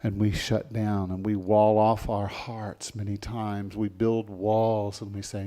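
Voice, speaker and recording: A man preaching a sermon as pastor, leading the congregation in call-and-response and swinging between soft and loud passages. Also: on the low side, level tone, measured pace, few pauses.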